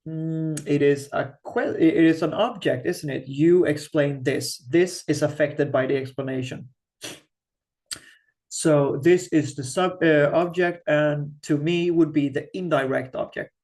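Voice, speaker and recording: Slow, patient male language teacher. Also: fairly high pitch, darkish tone. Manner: thinks aloud, slow and patient, frequent restarts. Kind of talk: screen-share grammar lesson.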